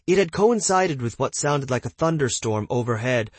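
A man narrating an audiobook in a measured, even way. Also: medium pitch, dry recording. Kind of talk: scripted narration.

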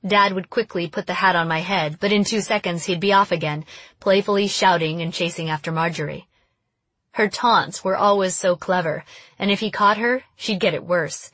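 A woman reading a first-person audiobook in an even, steady storytelling voice. Her voice sits somewhat low, recorded close and dry with no room sound. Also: normal speed, no room sound. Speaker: audiobook narrator.

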